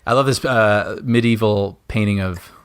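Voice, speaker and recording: A man co-hosting a casual movie commentary podcast, animated and quick to laugh, often trailing off mid-sentence. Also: lowish voice, clear, resonant tone, no echo, clean studio sound. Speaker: podcast co-host.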